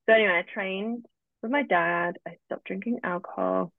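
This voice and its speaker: A woman's voice: mid-range voice, moderate pace, creaky, no echo. A woman, a guest telling her own story casually and often acting out what she said back then. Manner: chatty, often acts out her own past remarks. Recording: dry, tinny phone-like line.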